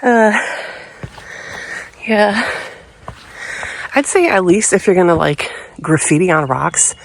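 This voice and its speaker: A woman's voice: lowish voice, lively intonation, slow pace, gravelly. A woman vlogging casually on a hike, chatty and out of breath. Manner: chatty, laughs often. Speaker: car camping vlogger. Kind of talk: casual vlog narration. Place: outdoors on a hiking trail. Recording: outdoor ambience, loud background noise. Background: loud outdoor and vehicle noise.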